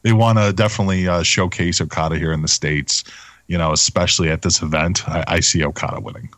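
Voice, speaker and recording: A man's voice: low-pitched, fairly even intonation, fast talker, fairly bright tone, no echo. A man co-hosting a casual wrestling chat podcast, loose and profane in his talk. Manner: loose and profane, laughs easily. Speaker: podcast co-host.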